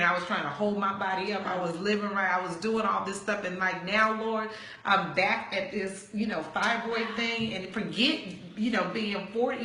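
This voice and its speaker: A woman in her forties, a pastor, telling her personal testimony in conversation and acting out the dialogue as she goes. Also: fairly low pitch. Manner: animated storyteller acting out quoted dialogue. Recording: roomy echo.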